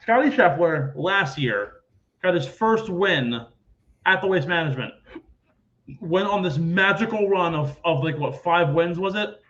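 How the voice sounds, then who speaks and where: High-voiced young man hosting a podcast. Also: lively intonation, measured pace, fairly bright tone, muffled recording. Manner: chatty storyteller, swears freely. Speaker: podcast host. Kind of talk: casual sports podcast chat.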